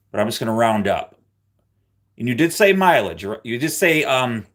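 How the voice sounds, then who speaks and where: A man hosting a live stream in casual chat, joking and teasing his viewers. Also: medium pitch. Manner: joking, teasing, animated, often slips into loud playful bursts. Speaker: livestream host.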